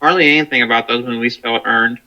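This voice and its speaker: A man joining a casual movie discussion as a guest, giving relaxed, brief replies. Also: medium pitch, fast, dull audio. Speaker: co-host guest.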